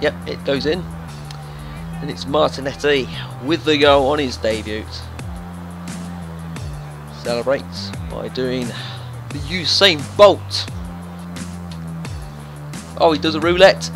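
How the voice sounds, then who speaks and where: A young man giving casual, excitable commentary while playing a football video game and talking to his players. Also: on the high side, takes it slowly, long pauses, rough recording. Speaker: gaming YouTuber. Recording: faint background music.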